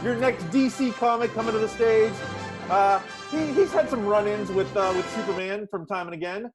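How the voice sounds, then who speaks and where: A man's voice: high-pitched, normal speed, over music, poor audio. A man hosting a livestream comedy show, introducing acts in a loose, rambling way. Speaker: host.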